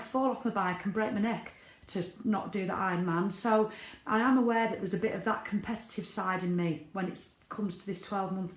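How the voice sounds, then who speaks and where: Chatty woman in an echoey room. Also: medium pitch. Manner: chatty, candid, swears freely. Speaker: vlogger. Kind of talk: casual video diary.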